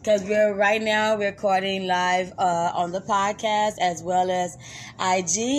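A woman's voice: medium pitch, fairly even intonation, slow pace, a little hiss or hum. A woman hosting a live music podcast in loose, chatty talk, laughing easily. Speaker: radio podcast host. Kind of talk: casual live show chat.

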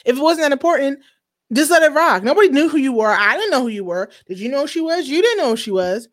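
A woman hosting a casual commentary chat, animated, slangy and opinionated. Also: sits high, fast talker. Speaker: show host.

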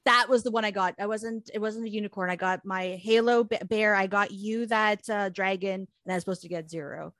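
A woman co-hosting a casual chat, giggly and quick. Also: medium pitch, steady tone, fairly bright tone, no room sound, clean studio sound. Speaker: podcast co-host.

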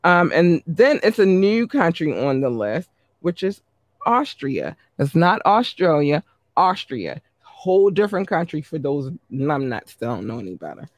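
A man hosting his podcast, reading out listener shout-outs in a chatty, upbeat way. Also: sits high, dry recording. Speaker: podcast host.

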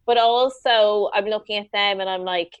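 A woman co-hosting a podcast, chatting in a lively, teasing way and jumping in quickly. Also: medium pitch, smooth, dry recording, highs cut off. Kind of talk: casual chat.

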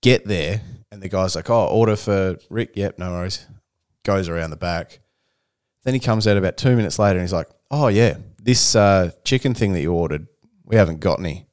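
A young Australian man tells a story in a relaxed, chatty way, acting out the people in it as he goes. His voice sits on the low side. The sound is dry and close, with no room around it. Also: a little fast, smooth, no room sound. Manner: animated storyteller who acts out other people's voices. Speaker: podcast co-host. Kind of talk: casual storytelling chat.

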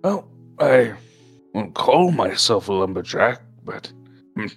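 A man voicing a parched, raspy sea captain in a tabletop game, with a coughing, wry manner. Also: on the low side, big pitch swings, slow, soft background music, full character voice. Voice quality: raspy, gravelly.

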